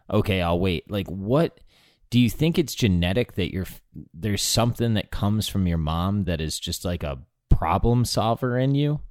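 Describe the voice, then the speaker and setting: A man's voice: low voice, a little mellow, no room sound, studio quality. A man interviewing a guest, asking long, thoughtful questions and restarting his phrasing as he searches for the right words. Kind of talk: podcast interview.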